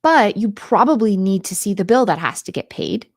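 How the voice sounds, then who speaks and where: A woman's voice: medium pitch, lively intonation, moderate pace, no echo, studio quality. A woman hosting a live stream on home organizing, talking straight to her viewers in an upbeat, coaxing way and answering their questions.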